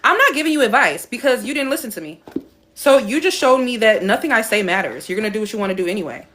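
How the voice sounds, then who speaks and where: A woman's voice: a little high, big pitch swings, fast talker, a bit bright, slight background noise. A young woman hosting a casual live-stream Q&A as a spiritual coach, talking bluntly and chatting with a laugh.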